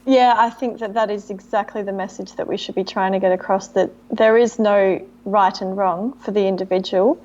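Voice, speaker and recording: A woman's voice: medium pitch, steady tone, normal speed, few pauses, mellow. A woman talks earnestly and thoughtfully as a guest in a casual chat. The recording sounds a little dull and muffled.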